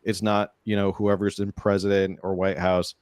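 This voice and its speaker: A man with a very deep voice hosts a casual political podcast. He sounds relaxed and joking, and his sentences often restart. The sound is dry and close. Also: moderate pace, clear, resonant tone, no room sound. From San Diego, California. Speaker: podcast host.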